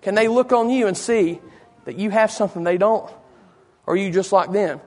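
A male preacher with a high-pitched voice preaches in a folksy, conversational way. He keeps turning to the congregation with quick asides between points. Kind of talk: sermon.

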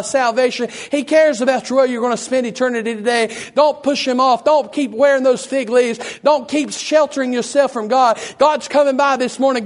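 A man preaching a fervent sermon with a hoarse, worn voice, praying with a repeated "Lord" and building to shouts. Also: very high voice. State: hoarse, losing his voice.

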